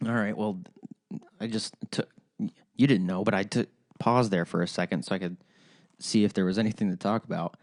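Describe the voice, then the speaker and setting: A man's voice: lowish voice, fairly even intonation, normal speed, long pauses. A man hosting a solo podcast, ranting in a rambling, profane way with frequent restarts. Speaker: podcast host.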